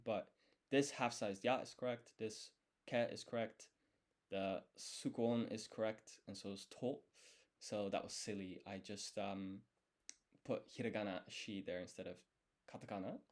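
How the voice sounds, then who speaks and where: A man thinking aloud as he studies, explaining each step and quizzing himself under his breath. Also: on the low side. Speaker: language learner streaming his study. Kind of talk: thinking aloud while studying.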